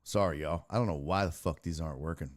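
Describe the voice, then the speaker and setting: A man hosting a live-streamed sports talk show, reading and answering viewer messages, cursing freely and laughing in between. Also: rumbling low. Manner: profane, exasperated, quick to laugh.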